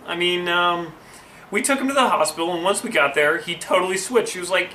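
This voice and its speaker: A man's voice: high voice, big pitch swings, normal speed, bright, forceful tone. A young man hosting a comedy show, reading a friend's story with wry asides and rambling tangents. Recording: echoey room with faint noise.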